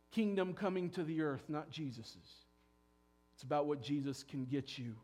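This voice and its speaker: Male pastor, fairly high voice, passionate sermon delivery with sharp swings between hushed and forceful. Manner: impassioned preaching, swings from hushed to emphatic.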